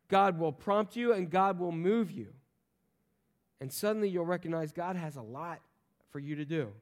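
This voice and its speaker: A man preaching a sermon, animated and playful, acting out voices in the stories he tells. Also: a little high. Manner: animated, acts out voices in quotes, jokes with the congregation. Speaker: pastor.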